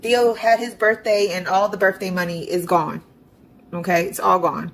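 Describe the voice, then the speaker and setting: In a low-quality recording, a woman vlogger walks through her budget and bill transfers online, chatting to herself and tossing in sarcasm. Her mid-range voice stays steady at a normal speed and has a gravelly vocal fry.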